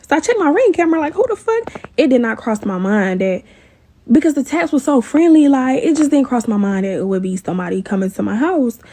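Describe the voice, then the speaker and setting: A woman telling a personal story in a casual, animated way, cursing often and addressing listeners as y'all. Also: high-pitched, fairly quick. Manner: animated, profane, talks to viewers as y'all.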